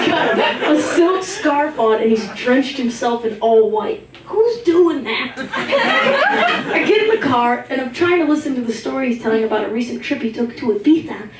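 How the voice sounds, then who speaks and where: Woman comic, crude and brash stand-up delivery; distant, echoey live recording with loud noise behind her. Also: fairly high pitch. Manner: brash, profane storytelling. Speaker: stand-up comedian. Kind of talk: stand-up comedy set. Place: live comedy show stage. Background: audience laughter.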